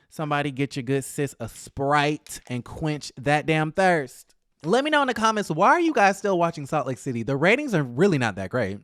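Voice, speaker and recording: A man's voice: fairly high pitch, smooth, dry recording, clean studio sound. A man hosting a gossip vlog, giving sassy, dramatic commentary on reality TV with playful asides. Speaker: celebrity gossip vlogger.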